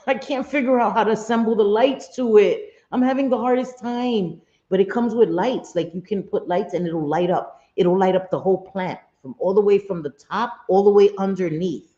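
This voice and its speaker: A woman's voice: fairly low pitch, mellow. Chatty woman livestreaming, laughing and swearing. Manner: chatty, laughs often, swears freely, answers viewers directly. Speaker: live streamer. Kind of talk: casual live-stream chat. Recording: roomy, slightly dull sound.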